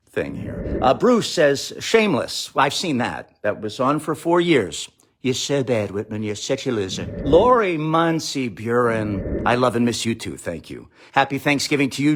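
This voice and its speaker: Wry man riffing with lively pitch. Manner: sarcastic, rambling asides, mock quotes. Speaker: comedian streaming live to followers. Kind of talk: comic live-stream monologue. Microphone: phone or webcam live stream.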